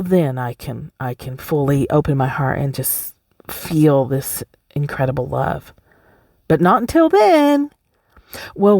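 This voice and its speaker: A woman's voice: medium pitch, a little mellow, no echo, clean studio sound. A woman hosting a solo podcast, talking bluntly and emphatically, swearing freely and laughing often. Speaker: podcast host. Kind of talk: casual solo podcast talk.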